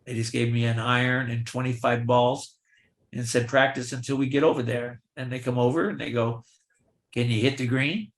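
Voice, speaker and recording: Older male guest, mid-range voice, spins lively anecdotes and plays every part in the dialogue himself; roomy, echoey recording. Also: medium pitch, normal speed. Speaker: guest, veteran film extra. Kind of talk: storytelling in a virtual Q&A. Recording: roomy echo.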